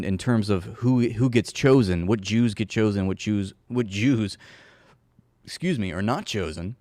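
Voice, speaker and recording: A man's voice: fairly low pitch, a little mellow, dry recording. A man hosting a casual political commentary show, talking in a sarcastic, mocking way and sometimes laughing at his own jokes.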